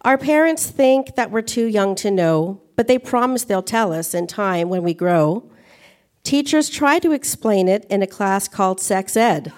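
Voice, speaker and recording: A woman reading her teenage poem aloud at a live show in a measured recital. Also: medium pitch, lively intonation, a little mellow. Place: live show with audience laughter.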